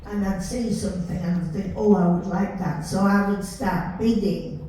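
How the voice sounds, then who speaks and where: An older woman with a Yorkshire accent, chatting warmly as she tells stories from her life. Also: medium pitch, normal speed. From Yorkshire, England. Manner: chatty, warm storytelling with laughs. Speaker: storyteller recalling her life. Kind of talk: casual reminiscing. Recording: roomy, distant mic with faint hiss.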